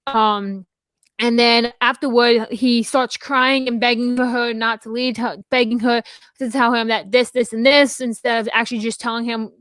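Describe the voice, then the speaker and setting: A woman's voice: fairly high pitch, fairly bright tone, no room sound. A young adult woman co-hosting a podcast, talking in casual chat that rambles with frequent restarts and fillers. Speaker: podcast co-host and theater dramaturg.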